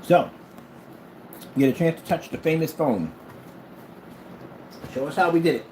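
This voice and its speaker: A blunt middle-aged man talking off the cuff at home, his somewhat high voice swinging up and down with lots of life. He sounds combative and unscripted, with a faint hum of noise behind him. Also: animated, measured pace, darkish tone. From United States. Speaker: small business owner vlogging. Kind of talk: casual unscripted vlog.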